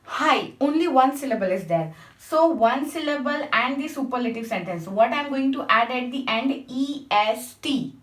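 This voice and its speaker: A woman's voice: high-pitched, lively intonation, moderate pace. A woman teaching a grammar lesson, patiently spelling out letters and checking with her class. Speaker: English teacher. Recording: echoey room, mic at a distance.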